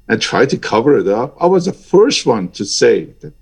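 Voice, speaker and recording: A man in his sixties with a husky, slightly breathy voice, speaking at a middle pitch. He talks in an emphatic, passionate way, his voice climbing when a point stirs him. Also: big pitch swings, moderate pace, few pauses, darkish tone. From Iran. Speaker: guest, airline pilot. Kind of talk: interview over a remote link.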